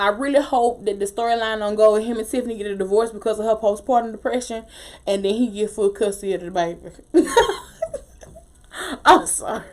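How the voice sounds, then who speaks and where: A woman casually recapping a TV episode, opinionated and animated, with slangy talk and frequent laughter. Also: on the high side. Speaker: TV show recap host.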